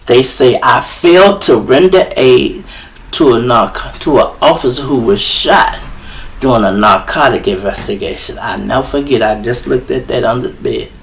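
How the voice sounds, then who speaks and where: A man with a Chicago accent telling a true story to his viewers in a casual, animated way, swearing freely and acting out the voices of others. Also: medium pitch, creaky. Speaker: storyteller host.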